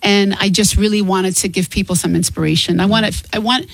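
A middle-aged woman speaking candidly and earnestly as an interview guest, quick to laugh. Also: mid-range voice, fairly even intonation, vocal fry, no echo, poor audio. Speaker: guest author and singer. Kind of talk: casual interview talk.

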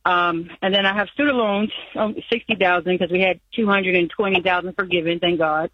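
A woman's voice: on the low side, steady tone, fairly quick, no echo. A woman calling in to an advice show, anxious and rambling, laughing nervously as she lists her numbers. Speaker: caller. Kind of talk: phone-in call. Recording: muffled phone line.

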